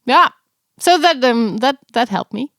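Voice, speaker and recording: A woman's voice: high voice, animated, a little slow, fairly bright tone, no room sound, clean studio sound. A young adult woman co-hosting a podcast in casual chat, chatty and laughing often. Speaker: podcast co-host.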